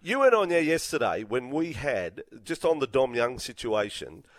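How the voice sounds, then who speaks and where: A man's voice: medium pitch, sing-song, moderate pace, dry recording. An Australian man hosting a sports radio show, talking in emphatic, fired-up bursts.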